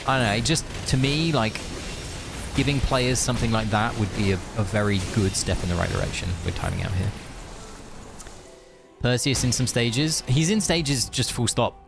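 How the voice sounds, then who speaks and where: A man's voice: medium pitch, normal speed, vocal fry, music in the background. A young man streaming a game, chatting loosely with viewers and thinking aloud, with lots of fillers and restarts. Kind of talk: casual live-stream chat.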